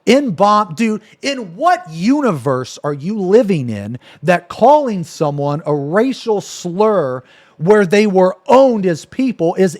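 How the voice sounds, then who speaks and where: High-pitched, angry ranting male streamer. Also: sing-song, slow, darkish tone. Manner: angry, profane, repetitive ranting. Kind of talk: live stream reaction rant.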